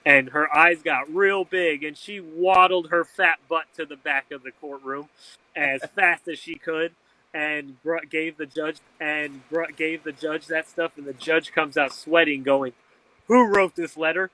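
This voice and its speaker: A man, a guest in an interview, telling a story in an animated way and acting out the people he quotes. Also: a little high, a little slow, low-quality recording. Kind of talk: storytelling in conversation.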